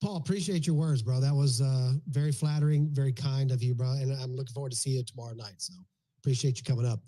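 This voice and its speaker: A man's voice: mid-range voice, steady tone, fast talker, mellow, rough recording. A man hosting a live online audio chat, joking and teasing his co-hosts and guests. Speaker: host.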